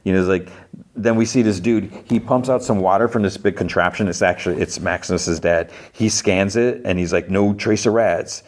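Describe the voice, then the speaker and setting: A man's voice: deep voice, fairly even intonation, brisk. A man hosting a podcast, recapping a TV episode casually with lots of fillers and restarts. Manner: rambling, heavy use of fillers and restarts; briefly acts out characters' lines in quotes. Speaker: podcast host.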